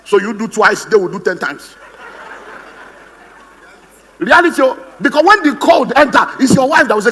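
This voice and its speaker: A man's voice: very high voice, expressive, moderate pace, pauses often, a bit bright, slightly rough, in a large hall. A man with a Nigerian English accent, giving a humorous, theatrical seminar talk as a motivational speaker, acting out the voices he quotes. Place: conference hall on stage.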